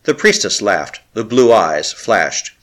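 Male audiobook narrator, animated intonation, dramatic and measured. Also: on the low side. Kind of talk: scripted narration.

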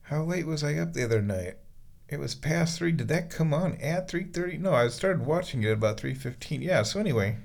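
A man's voice: fairly high pitch, expressive, brisk, vocal fry, a little mellow. A man chatting aloud from a bathroom bathtub, musing to himself and cooing at his cat. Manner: talks baby-talk to his cat, muses aloud. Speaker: vlogger. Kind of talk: rambling casual monologue.

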